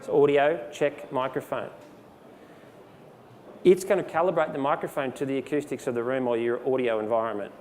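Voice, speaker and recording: A man giving a relaxed, conversational live software demonstration, with frequent fillers, speaking into a handheld mic. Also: medium pitch, fairly quick. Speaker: presenter. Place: presentation hall. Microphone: handheld microphone. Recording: long hall reverb, faint background noise.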